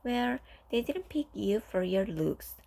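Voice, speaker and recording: A woman's voice: a little high, animated, takes it slowly, vocal fry, dark tone, exaggerated voice. A woman voicing a nosy older neighbor woman in a storybook reading, blunt and disapproving.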